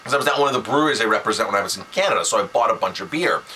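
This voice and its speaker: A chef and restaurant owner talking straight to camera, animated and exasperated, often restarting his sentences. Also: on the low side, very fast, slight background noise, rough recording. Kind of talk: casual to-camera rant.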